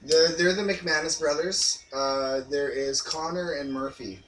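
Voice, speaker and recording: A man's voice: fairly high pitch, unhurried. Easygoing man in an echoey room. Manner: easygoing, laughs often, agreeable. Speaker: co-host of a movie review show. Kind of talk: casual chat. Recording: echoey room, distant mic, noisy.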